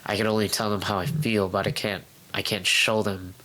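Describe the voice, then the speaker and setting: A young man telling his own story in a casual interview at home, halting and candid, with many fillers and restarts. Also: fairly low pitch, level tone, bright, forceful tone, low-quality recording. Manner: acts out his past self in quoted outbursts. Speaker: guest. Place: home room.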